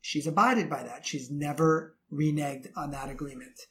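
A man with a somewhat higher-pitched voice talks to other men about relationships. He is earnest and preachy, and he stacks up repeated phrases to drive each point home. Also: normal speed. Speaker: relationship coach. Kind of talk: advice talk to men.

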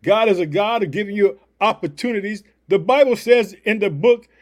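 A man's voice: high voice, moderate pace. A man preaching a devotional podcast sermon, fired up and emphatic, leaning on repeated catchphrases.

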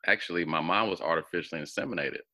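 A man telling a personal story as an interview guest, animated and acting out the voices of people he quotes. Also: low voice, racing.

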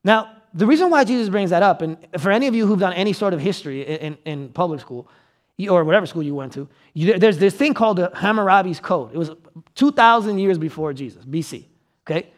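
A man preaching a sermon as pastor, conversational and checking in with his listeners, acting out quotes with sudden loud outbursts. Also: sits high, lively intonation, fairly quick.

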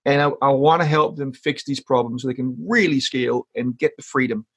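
A man's voice: mid-range voice, brisk, fairly bright tone, slightly rough. A man speaks as a guest in a casual interview. He is earnest and often repeats words while he works out his thoughts. He coaches public speaking.

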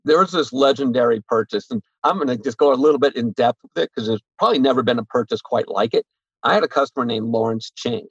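Gravelly, blunt card shop owner. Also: male voice, mid-range voice, no room sound, highs cut off. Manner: blunt, animated, swears freely. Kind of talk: casual podcast interview.

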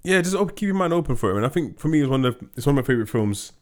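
A man in casual conversation about films, playful and quick to joke. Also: mid-range voice, very animated, a little mellow. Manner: joking, playful banter. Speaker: podcast co-host. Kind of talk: casual film review chat.

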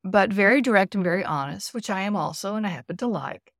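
A woman's voice: medium pitch, lively intonation, fast, no room sound, studio quality. A woman principal hosting her own podcast, speaking candidly to fellow principals and laughing at herself now and then. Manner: candid, laughs at herself, acts out parent voices. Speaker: podcast host, school principal. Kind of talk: solo podcast talk.

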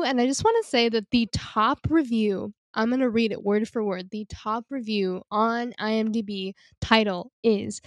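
A young woman co-hosting a casual movie review podcast, animated and excitable, swearing freely as she vents. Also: on the high side, normal speed, few pauses, no echo, clean studio sound. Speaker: podcast co-host.

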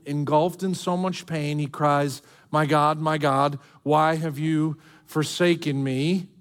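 A male pastor preaching a sermon, swinging between soft, hushed lines and emphatic outbursts. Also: fairly high pitch.

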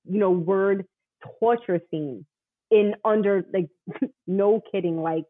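Speaking slowly at a medium pitch, a woman in her forties who writes romance novels tells stories in relaxed chat, laughing a lot and performing quotes. There's no echo, but the audio is narrow and tinny.

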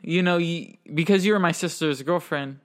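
A man's voice: fairly high pitch, normal speed, a bit bright. A young man, a podcast co-host, chatting casually, joking around and stammering over his words. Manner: joking, stammering, chuckles often. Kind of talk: casual chat.

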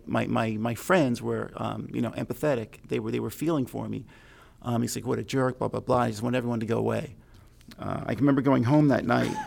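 A middle-aged man with a gravelly, creaky voice at an ordinary pitch, recalling his childhood. He talks in a reflective, halting way and often stops to correct himself. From New York, USA. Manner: conversational, halting, self-correcting. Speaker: speaker sharing a personal story. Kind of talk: reflective personal storytelling.

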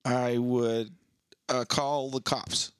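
A man's voice: medium pitch, level tone, takes it slowly, slight background noise. A man co-hosting a casual podcast chat, crude and joking, swearing often. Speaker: podcast co-host.

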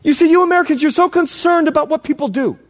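A Bahamian-born male pastor preaching a sermon, telling stories and dropping from loud exclamations to low hushed lines. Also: fast talker.

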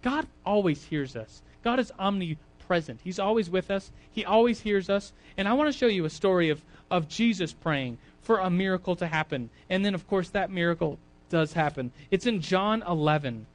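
A male preacher giving an informal, chatty sermon with a slightly high voice. He drifts into quiet asides and then rises into loud emphasis, and fillers scatter through his talk. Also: lively intonation, normal speed, hardly any pauses. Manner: chatty, conversational, with frequent fillers.

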